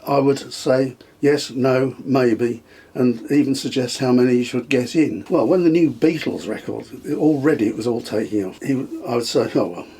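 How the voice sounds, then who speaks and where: An older man with a husky, slightly breathy voice, spinning long anecdotes in conversation. He chuckles often and pauses on fillers as he recalls things. His pitch sits in a medium range. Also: warm tone. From England. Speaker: guest, storyteller. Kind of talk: reminiscing conversation.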